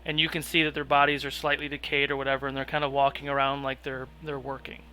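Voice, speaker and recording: Male game master, very bright tone, relaxed rules-minded narration, faint hum. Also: medium pitch, fast talker.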